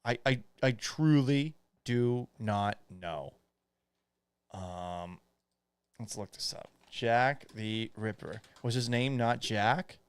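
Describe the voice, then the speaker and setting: A man from Boston hosts a casual live stream from his home office. He reads chat comments and answers them with offhand, salty humor. His voice is smooth and clear, and the sound is dry and close. His pitch sits in a middle range. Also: takes it slowly, dry recording. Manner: casual, profane, joking with viewers. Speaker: podcast host.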